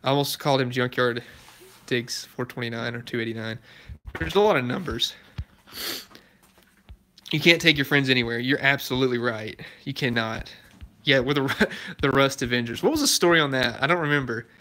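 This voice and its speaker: Bright-voiced young man chatting casually. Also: mid-range voice, brisk. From Alabama, US. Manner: laughs often, easygoing and talkative. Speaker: YouTube car channel host. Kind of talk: casual chat answering live viewer comments.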